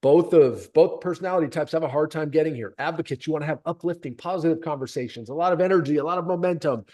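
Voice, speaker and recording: Emphatic high-voiced male sales coach. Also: fast talker. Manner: energetic, emphatic, direct address. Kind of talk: coaching session.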